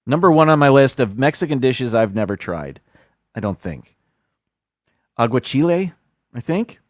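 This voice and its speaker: A man's voice: medium pitch, big pitch swings, moderate pace, dry recording, studio quality. A man hosting a livestream, casually reading a list aloud, stumbling over foreign words and adding self-deprecating asides. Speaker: livestream host.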